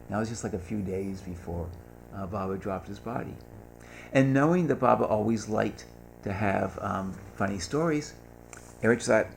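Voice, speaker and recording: A man's voice: lowish voice, normal speed, vocal fry, slight background noise. An older man telling humorous anecdotes at a gathering, acting out the voices of the people he quotes. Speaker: speaker at a gathering. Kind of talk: storytelling talk.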